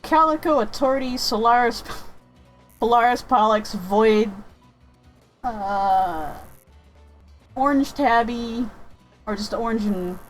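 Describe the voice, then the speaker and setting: A woman's voice: on the high side, slow, long pauses, soft background music, low-quality recording. Rambling woman chatting over a game. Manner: rambling, thinks out loud with many restarts. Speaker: gaming streamer chatting with viewers. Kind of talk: casual chat over gameplay.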